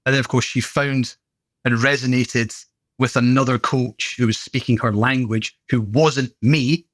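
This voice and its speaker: A man's voice: medium pitch, fairly even intonation, unhurried, fairly bright tone, no room sound. A middle-aged British man and gym owner, telling stories in a chatty, good-humoured way as a podcast guest. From Britain. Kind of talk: casual anecdotal conversation.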